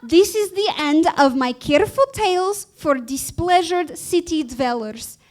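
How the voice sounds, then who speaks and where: A woman's voice: extremely high pitch, animated, a little slow, a little mellow. A woman telling comic fables in broken English, in a dry, mock-solemn way. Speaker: storyteller persona of a forest hag.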